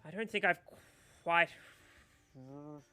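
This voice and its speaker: A man voicing a flamboyant, fawning old male gnome shopkeeper in a tabletop game, with theatrical, drawn-out exclamations. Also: a little high, pushed and bright. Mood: musing.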